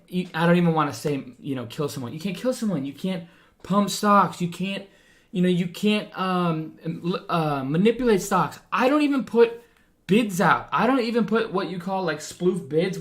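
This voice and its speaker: Fired-up frustrated man ranting. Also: high-pitched. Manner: frustrated, fired up, repeats himself. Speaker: day trader and stock-trading streamer. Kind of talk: heated ranting monologue.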